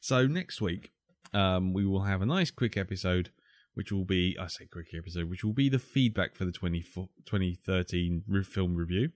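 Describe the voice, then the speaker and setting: A man's voice: deep voice, lively intonation, normal speed, no room sound, clean studio sound. A man hosting a podcast, joking, swearing and teasing his co-hosts in casual banter. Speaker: podcast host.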